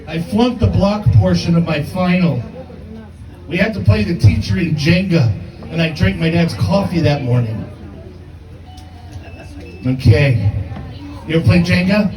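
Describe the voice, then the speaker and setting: A man's voice: a little high, a little slow, long pauses, roomy sound, distant mic, crowd noise, low-quality recording. A man in his fifties doing a brash, profane, self-mocking stand-up comedy set in a comedy club. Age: 50s.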